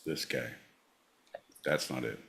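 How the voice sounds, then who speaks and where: A man's voice: extremely low pitch, slow, vocal fry, a bit bright, poor audio. A man co-hosting a podcast, hyping up his co-host like a showman in casual banter.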